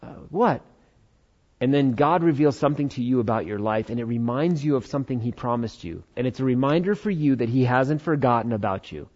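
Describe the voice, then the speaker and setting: A man's voice: medium pitch, fast talker, few pauses, a little mellow, highs cut off. A man preaching a conversational sermon, acting out Bible dialogue in changing voices. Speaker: pastor.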